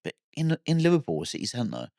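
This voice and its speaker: A man's voice: medium pitch, wildly swooping pitch, a little fast, creaky, a little mellow, no room sound, clean studio sound. A man co-hosting a comedy podcast, talking in rambling, sweary banter that trails off at the ends. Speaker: podcast co-host. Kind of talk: casual banter.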